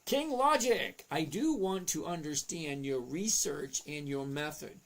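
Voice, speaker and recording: A man with a gravelly, slightly high voice chats casually on a livestream. He reads out viewers' names and answers them, talking to himself as he checks figures. His delivery is loose and conversational. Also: measured pace. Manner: chatty, reads chat names aloud, talks to himself over charts. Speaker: livestream host answering chat.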